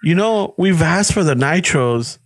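Teasing dude, high voice, cussing, throws in spanish. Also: male voice, expressive, unhurried, no echo. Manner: teasing, profane, mixes English and Spanish. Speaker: podcast co-host. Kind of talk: casual chat.

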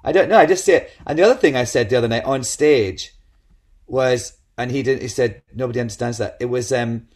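A middle-aged man, chatting as a guest and telling lively anecdotes, often slipping into quoted voices. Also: mid-range voice, fairly quick. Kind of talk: casual chat.

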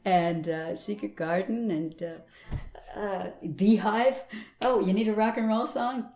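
An older woman, a stage actress, telling stories in a casual interview, animated and acting out the voices of the people she quotes. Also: medium pitch, slow, a little hiss or hum. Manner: animated storyteller who acts out quoted voices and laughs often. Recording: roomy echo.

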